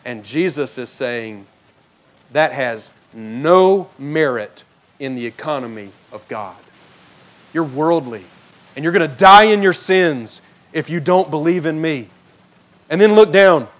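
A man preaching an expository sermon, swinging between loud emphatic bursts and soft low drops, often stammering and restarting. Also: animated, unhurried, highs cut off. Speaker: pastor.

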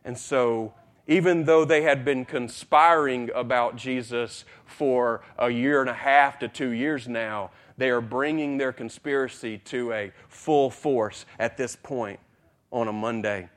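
A man preaching a sermon, repeating phrases for emphasis and swinging between hushed, quiet passages and loud, excited buildups. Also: medium pitch, unhurried.

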